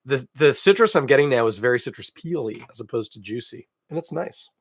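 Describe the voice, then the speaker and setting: A man's voice: mid-range voice, expressive, fairly quick, husky, dry recording, studio quality. A man from Canada hosting a beer podcast alone, chatting casually and thinking aloud with self-deprecating asides. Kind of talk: casual solo tasting chat.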